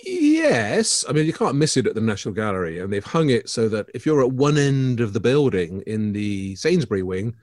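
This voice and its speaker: A Scottish man co-hosting a relaxed art podcast, chatty and teasing in tone. His voice sits in a middle register. It is recorded close and dry, with no room sound. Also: medium pitch, normal speed, hardly any pauses, dry recording. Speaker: podcast co-host. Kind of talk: casual chat.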